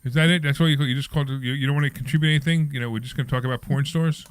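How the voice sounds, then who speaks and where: Fast-talking male radio host. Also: mid-range voice, fairly even intonation, a little hiss or hum. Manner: loose, joking, talks over others. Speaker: radio talk show host. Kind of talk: casual radio banter.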